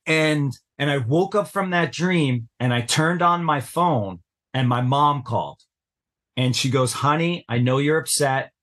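A man's voice: on the high side, lively intonation, measured pace, fairly bright tone. A middle-aged man, a podcast guest, earnestly and intensely recounting a personal story in an interview. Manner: earnest, intense retelling with acted-out quotes.

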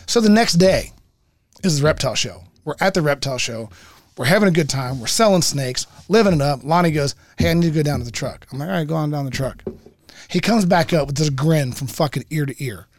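A man telling a long story in casual chat, profane and animated, acting out both sides of a dialogue. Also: a little high, fast talker. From United States.

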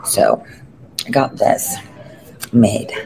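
Gravelly man venting profanely. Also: lowish voice, very animated, very slow, mellow, a little hiss or hum, low-quality recording. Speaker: vlogger giving an update. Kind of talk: casual rambling vlog update. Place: airport lounge. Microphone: phone strapped to his arm.

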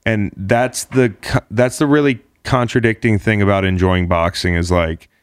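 A man hosting a casual sports chat show, talking in a rambling, animated way with lots of "like" and casual swearing. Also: fairly low pitch, normal speed, clean tone, dry recording, studio quality. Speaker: podcast host.

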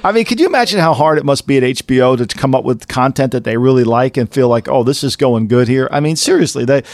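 A man co-hosting a casual sports podcast, talking animatedly and jumping up to incredulous highs. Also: expressive, fast, no echo. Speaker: podcast co-host.

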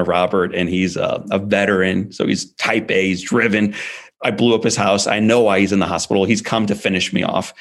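A man in his forties telling his life story as an interview guest, emphatic and animated. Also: fairly low pitch. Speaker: guest speaker.

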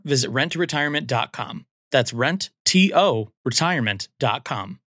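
A man's voice: mid-range voice, fairly bright tone, no room sound, clean studio sound. A man reading a scripted ad in an upbeat, persuasive voice. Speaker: ad announcer. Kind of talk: scripted radio-style ad read.

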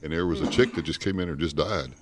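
A man's voice: extremely low pitch, fast, noisy background. A man on a casual podcast panel, hedging often and addressing the group.

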